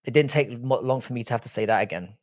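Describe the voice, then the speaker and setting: A man's voice: medium pitch, quick pace. A young man, Irish but raised in London, with a London accent, casually hosting a live stream and answering chat in a blunt, sardonic, sweary way. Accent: London English. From Ireland, raised in London. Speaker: livestream host reading chat.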